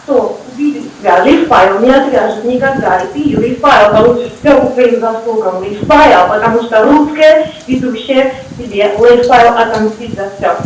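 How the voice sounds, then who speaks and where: A woman with a Russian accent playing a mean villain who ties a man to train tracks, speaking slowly and drawn out. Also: fairly high pitch, noisy background, natural voice. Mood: mock menacing. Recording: echoey room, far from mic.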